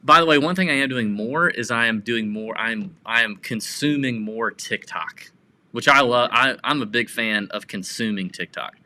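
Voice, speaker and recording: A man co-hosting a casual podcast, telling rambling stories with excitement. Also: medium pitch, normal speed. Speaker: podcast co-host.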